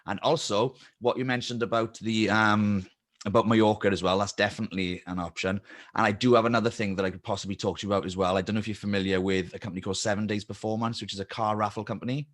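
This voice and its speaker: Hesitant low-voiced man pitching ideas. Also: fairly even intonation, quick pace. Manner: hesitant, many ums and restarts. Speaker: new participant pitching ideas. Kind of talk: casual chat on a video call.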